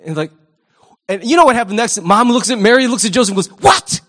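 Man, pastor, sermon, high voice, animated, humorous, conversational, asks audience questions. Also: quick pace.

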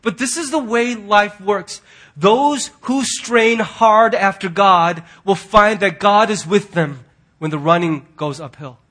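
A man preaching a sermon in an earnest, husky voice that sits high for a man. He presses hard on key words, then drops to a hush. His talk is that of a pastor before his church. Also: slow. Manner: earnest, swings from loud emphasis to hushed quiet.

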